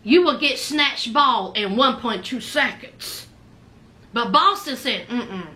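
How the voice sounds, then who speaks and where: A woman's voice: sits high, lively intonation, slow pace, pushed and bright. A woman giving a casual recap of a reality show, sassy and speaking straight to her viewers.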